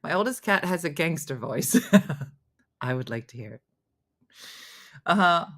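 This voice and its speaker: A woman's voice: low voice, a little slow. Middle-aged lady chatting on her live show, laughs a lot, goes all whispery sometimes. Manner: chatty and animated, laughs often, drops to mock whispers. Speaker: host reading viewer comments. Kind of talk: casual live-stream chat.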